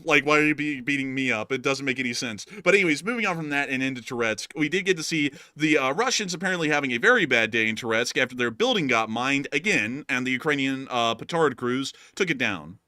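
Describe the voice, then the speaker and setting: A man's voice: mid-range voice, animated, quick pace, hardly any pauses, pushed and bright, dry recording, clean studio sound. A man hosting a casual war news show, rambling and joking with many fillers. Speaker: host.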